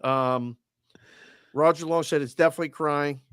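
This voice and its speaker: A man with a Boston accent co-hosting a casual sports show, telling an animated story over a video call and acting out both sides of the conversation. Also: a little high, normal speed, smooth, no room sound, clean studio sound. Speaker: co-host of a sports betting show. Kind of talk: casual chat.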